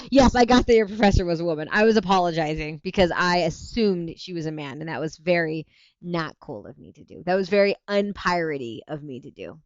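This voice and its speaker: A woman's voice: lowish voice, a little fast, dry recording. Woman streamer chatting w chat, laughs a lot, dry close mic, kinda muffled audio. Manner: animated, laughing often, self-interrupting. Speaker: livestream host. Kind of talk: casual chat reading viewer comments.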